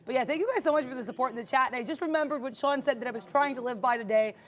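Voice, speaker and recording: A woman's voice: sits high, rapid-fire. A woman co-hosting a live trading stream, upbeat and chatty, often laughing as she talks through her trades. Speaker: day trader co-host.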